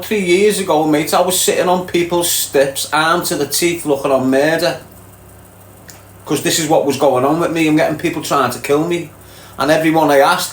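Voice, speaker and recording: A man's voice: fairly high pitch, fairly even intonation, moderate pace. A man with a Liverpool accent hosting a livestream, answering viewer comments in a blunt, streetwise way and calling people mate and lad. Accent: Liverpool (Scouse). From Liverpool, England. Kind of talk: casual livestream chat. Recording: roomy echo with faint background noise.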